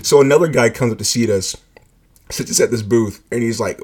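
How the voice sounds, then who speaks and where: A man's voice: mid-range voice, a little fast, a little mellow, breathy edge. A man casually telling a personal story, swearing freely, leaning on "like" and laughing along as he goes. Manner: laid-back, profane, heavy use of "like", laughs often.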